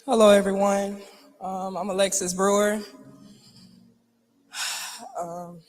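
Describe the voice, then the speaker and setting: A man giving a heartfelt eulogy at a memorial, reminiscing in halting phrases with sighs and soft laughs. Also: high voice, flat delivery. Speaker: family friend giving a eulogy.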